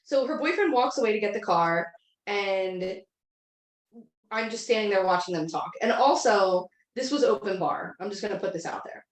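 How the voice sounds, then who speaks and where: A woman's voice: medium pitch, animated, normal speed. A woman in her thirties telling a long story in a casual, rambling way, full of filler words. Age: 30s. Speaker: podcast co-host. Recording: echoey room.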